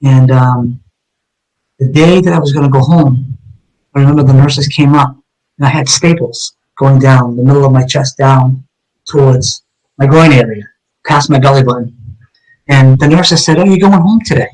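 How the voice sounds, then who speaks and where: Retired detective guest, middle-aged man, mid-pitched voice, earnest storyteller who acts out the dialogue. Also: fairly even intonation, normal speed, long pauses, darkish tone, poor audio. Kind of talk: personal story told in a live interview.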